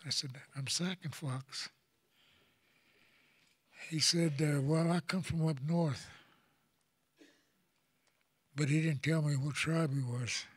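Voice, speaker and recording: An older man from Oklahoma tells a personal story to an audience in a halting, plain-spoken way, often repeating words as he goes. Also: fairly high pitch, fairly bright tone, breathy edge, no echo. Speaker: elder speaker.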